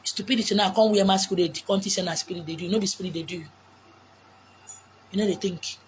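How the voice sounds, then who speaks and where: A woman with a Nigerian Igbo accent giving blunt, forceful relationship advice outdoors, mixing English, Pidgin and Igbo. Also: medium pitch, quick pace, a little hiss or hum. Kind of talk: outdoor monologue. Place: beach outdoors.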